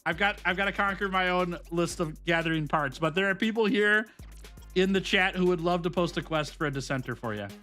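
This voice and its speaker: A bright, high-pitched man in his thirties chats easily with his live-stream viewers, upbeat and laughing often. Faint game music plays behind him. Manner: chatty, upbeat, quick to laugh, talks straight to chat. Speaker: gaming streamer.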